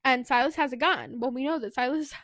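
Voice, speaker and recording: With a high-pitched, fairly bright voice and a quick pace, a woman co-host chats her way through a book's plot, sprinkling in plenty of "like" and "anyway." The recording is dry and of studio quality.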